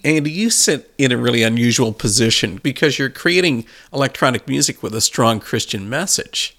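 A man's voice: mid-range voice, animated, moderate pace, a bit bright. A man interviewing a guest, asking short conversational questions. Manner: brief, conversational prompts.

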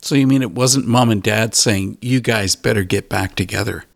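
A man's voice: on the low side, moderate pace, creaky, dry recording, studio quality. A man interviewing a musician, asking brief, curious questions.

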